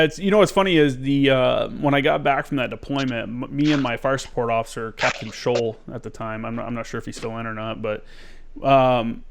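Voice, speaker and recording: A man hosting a podcast, telling stories in an animated, casual way and swearing freely. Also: mid-range voice, slight background noise. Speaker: podcast host. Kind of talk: casual conversation.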